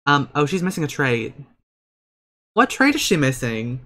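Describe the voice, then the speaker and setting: Campy young guy doing game commentary at his desk, bright voice, a bit high, lots of sass and swearing. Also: very animated, normal speed. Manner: campy, sassy, swears a lot, swings between cooing and outbursts. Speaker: gaming channel host. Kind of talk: casual let's-play commentary.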